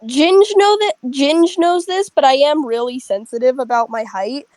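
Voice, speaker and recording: A young woman casually telling a rambling, animated story to friends over a headset. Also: high-pitched, normal speed, no echo, poor audio. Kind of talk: casual chat.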